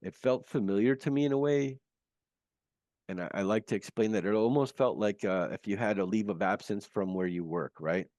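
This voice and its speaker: A man with a lowish voice recounts something profound that happened to him. He talks earnestly, stumbling and restarting as he searches for words. The sound is dry and close, like a video call. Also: darkish tone, no room sound. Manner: earnest, halting, many restarts. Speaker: guest. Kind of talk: recounting a near-death experience.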